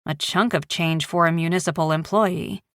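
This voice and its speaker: Steady woman audiobook narrator. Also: on the low side, normal speed, dry recording, clean studio sound. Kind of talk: scripted thriller narration. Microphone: close studio mic.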